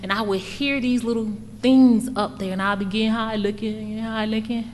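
A woman's voice: on the high side, steady tone, fairly quick, in a large hall, slight background noise. A middle-aged woman, telling her recovery story as a candid, emotional personal testimony. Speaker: speaker sharing recovery story.

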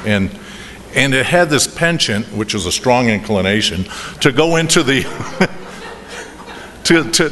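A man's voice: mid-range voice, fairly bright tone. Rambling Boston man in a hall. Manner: rambling, halting, frequent restarts and chuckles. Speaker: speaker sharing his drinking story. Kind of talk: personal testimony at a recovery meeting. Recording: reverberant hall with faint noise.

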